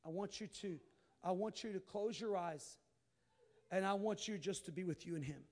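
A high-pitched man delivering a sermon. He drops to quiet, confiding asides, then rises into loud, emphatic calls. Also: moderate pace. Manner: preaching with sudden shouted bursts and quiet asides. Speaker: pastor.

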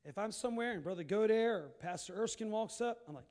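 A man preaching a sermon, swinging from quiet asides to sudden shouted bursts. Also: sits high, animated, fast, few pauses. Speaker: pastor.

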